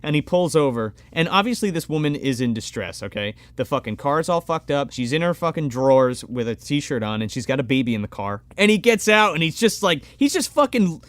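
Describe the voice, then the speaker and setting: A man's voice: medium pitch, animated, fairly quick, hardly any pauses, no echo. A man co-hosting a movie review podcast, retelling the plot in a casual, heavily swearing way. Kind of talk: casual, profane movie recap.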